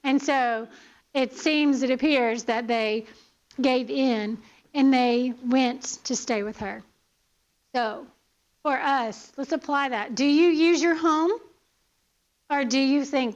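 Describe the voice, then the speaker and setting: A woman's voice: sits high, steady tone, takes it slowly, dull audio. A woman teaching a Bible lesson in church, earnest, asking her listeners pointed questions and often checking in with "okay?".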